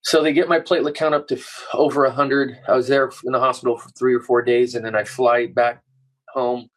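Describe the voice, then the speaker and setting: A middle-aged man telling a story as a podcast guest, animated and full of swearing. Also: mid-range voice, fairly quick, low-quality recording. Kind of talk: casual interview chat.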